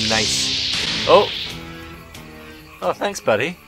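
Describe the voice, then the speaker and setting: A man commenting on a game he is playing, jokey and excitable with sing-song exclamations. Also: a little high, creaky, low-quality recording. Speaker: gaming video host. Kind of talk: let's-play commentary. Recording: game music playing behind.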